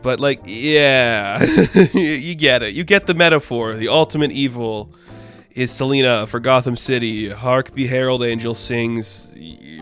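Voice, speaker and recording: A man's voice: mid-range voice, a bit bright. A man reviewing a comic book in a casual, sarcastic and exasperated rant, addressing his viewers directly.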